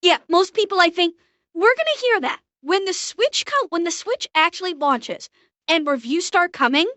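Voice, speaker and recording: A young woman with a very high, bright voice rants bluntly and profanely as she reacts live on stream. Her voice is close and dry, with no room sound around it. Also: animated, dry recording. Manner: blunt, profane, fast ranting.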